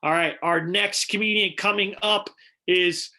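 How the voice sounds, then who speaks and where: A man's voice: high voice, steady tone, a little slow, pushed and bright. A man hosting a live-streamed comedy show over a video call, chatty and upbeat as he introduces the comedians.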